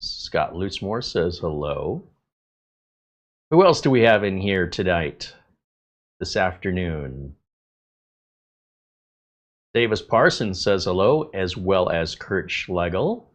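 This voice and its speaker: Deep-voiced man hosting a live tech stream. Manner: relaxed, chatty, many filler pauses. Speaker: tech channel host. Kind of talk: live stream chat, reading viewer greetings.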